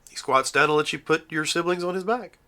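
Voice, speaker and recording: A man running a tabletop game as game master, easygoing and trailing off quietly at the ends of lines. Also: fairly high pitch, fairly quick. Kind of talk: narrating and voicing a tabletop game.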